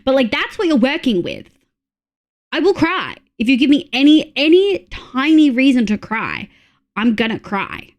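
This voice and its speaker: A woman's voice: high-pitched, very animated, moderate pace. An Australian woman chatting on a live stream, giggly and talkative as she reads her chat aloud.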